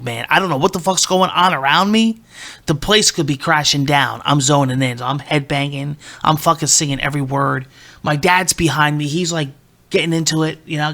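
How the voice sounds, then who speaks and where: Male podcast host, 30s, bright gravelly voice, swears constantly and rambles as he tells a story. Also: a little high. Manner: profane, excitable, rambling. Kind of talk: casual storytelling.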